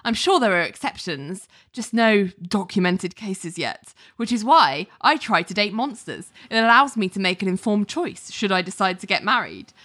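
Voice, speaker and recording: A woman co-hosting a casual podcast, retelling a TV episode in an animated way and acting out the characters' lines. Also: mid-range voice, moderate pace, few pauses. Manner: animated storytelling, acts out quotes. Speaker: podcast co-host recapping a TV episode. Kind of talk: casual chat.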